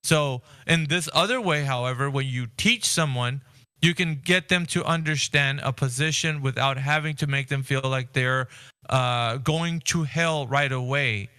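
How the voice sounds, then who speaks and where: A man's voice: medium pitch, unhurried, pushed and bright, clean tone, no room sound. A man hosting a casual voice-chat discussion, talking earnestly and rambling with frequent restarts. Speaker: Discord voice chat host.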